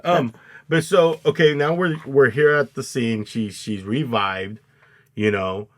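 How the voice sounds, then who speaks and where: A man co-hosting a casual movie review chat, retelling scenes with loud acted-out outbursts and plenty of swearing. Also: mid-range voice, steady tone, a little slow. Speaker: podcast co-host.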